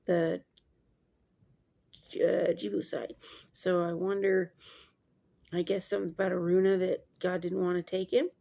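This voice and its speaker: A woman's voice: lowish voice, level tone, a little slow, vocal fry, pauses often, warm tone. A woman reading a Bible passage aloud and breaking off into chatty, digressive commentary full of fillers.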